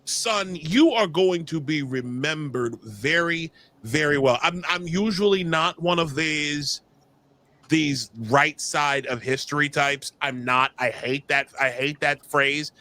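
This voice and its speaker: A man co-hosting a podcast in casual, animated chat, joking and often restarting his sentences. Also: on the high side, slow pace. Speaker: podcast co-host.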